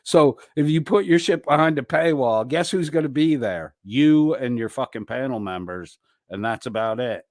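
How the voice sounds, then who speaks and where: A man's voice: medium pitch, lively intonation, moderate pace, no echo, studio quality. A man hosting a livestream, taunting and mocking his rivals in crude, profane commentary. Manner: taunting, crude, laughing between jabs. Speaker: livestream host.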